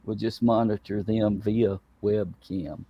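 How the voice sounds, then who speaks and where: A man's voice: on the low side, fairly even intonation, slow pace, dull audio. A man putting on an exaggerated Australian accent to read a listener comment. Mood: jokey. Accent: put-on Australian.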